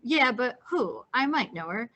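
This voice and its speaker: A woman's voice: on the high side, sing-song, measured pace, pushed and bright, exaggerated voice. A woman reading a novel aloud, voicing a restless, blunt teenage boy who keeps pressing with eager, insistent questions. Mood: pestering, curious.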